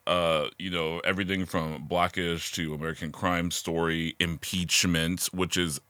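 A male podcast host with a low but bright, forceful voice, cheering his guest on in easy chat. His sound is dry and close. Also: little pitch movement, unhurried, no echo. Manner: enthusiastic, encouraging, laughs along. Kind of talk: casual interview chat.

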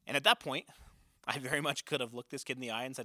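A man's voice: mid-range voice, steady tone, racing, bright, forceful tone, no echo, studio quality. A man in his thirties, a youth pastor, giving an earnest, conversational training talk to volunteer leaders with many filler uhs.

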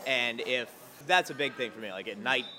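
In casual conversation as a guest, a man tells rambling, joke-filled stories with plenty of asides. His voice is medium in pitch and his pace moderate.

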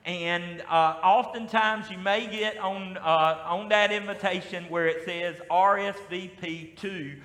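A man with a Southern US accent preaching a sermon as pastor, with lively call-and-response. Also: high voice, measured pace, few pauses. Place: church sanctuary. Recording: echoey hall with long reverb.

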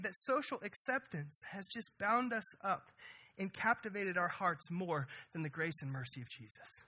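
High bright energetic male preacher. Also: normal speed. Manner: energetic, conversational preaching with frequent "right?". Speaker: pastor. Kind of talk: sermon.

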